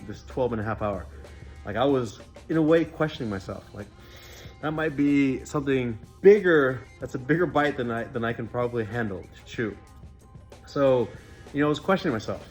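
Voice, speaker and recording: An earnest man with a mid-range voice speaks in a personal training vlog. He is a fitness coach, and he rambles in a heartfelt, reflective way with plenty of fillers. Soft music plays faintly behind him. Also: mid-range voice. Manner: rambling conversational delivery with many fillers.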